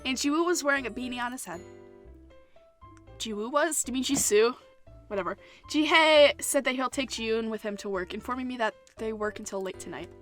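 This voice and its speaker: A woman's voice: a little high, fairly quick, fairly bright tone, faint music behind. A young woman hosting a gaming channel who reads a visual novel aloud, giggling, swearing and joking between lines.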